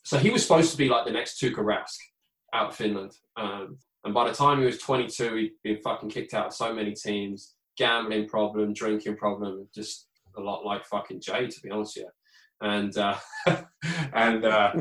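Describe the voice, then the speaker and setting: A man's voice: on the low side, fairly even intonation, normal speed, a bit bright, echoey room, low-quality recording. A man telling sports anecdotes in a casual, swearing, laid-back way. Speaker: former ice hockey player, podcast guest. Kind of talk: casual storytelling chat.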